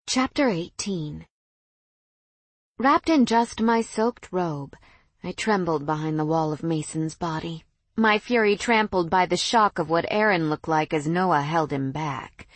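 Young woman, audiobook narration, first person, lowish voice, dry close sound, intimate and measured. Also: lively intonation, no echo.

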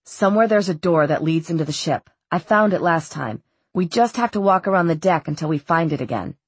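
Jace is a guarded young man with a wry, offhand way of talking, voiced by a woman narrating an audiobook. His lines sit slightly lower and come out breathy. The sound is close and dry, with no room around it. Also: lively intonation, fairly quick, no room sound. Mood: terse. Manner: light, dry, understated.

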